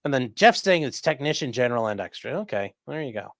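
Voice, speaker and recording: A man's voice: mid-range voice, very animated, fast talker, no room sound, clean studio sound. A man hosting a casual livestream, chatting loosely and reading viewer comments aloud. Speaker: livestream host reading chat.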